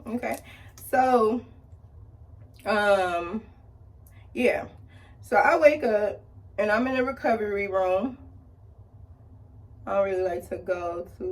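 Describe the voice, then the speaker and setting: Slow and frequently pausing, a woman caught on a faraway mic narrates a story with animation as she does her makeup. As a beauty vlogger, she plays the characters herself, making dramatic pitch jumps whenever she quotes them.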